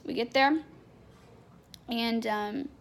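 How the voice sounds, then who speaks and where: A woman's voice: on the high side, very slow, creaky. A young adult woman telling a candid personal story in a chatty, unfiltered way, full of fillers. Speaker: vlogger.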